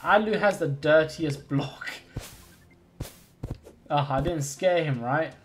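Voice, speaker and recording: A man's voice: a little high, slow pace, slight background noise. A man live-streaming a game in casual chat, thinking aloud and greeting and thanking viewers as he plays.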